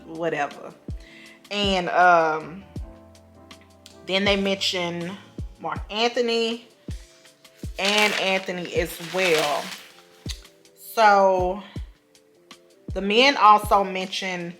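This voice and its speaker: A woman's voice: mid-range voice, extremely slow, long pauses, a bit bright, soft background music. A woman recapping a reality show in a casual, gossipy way, full of fillers and asides.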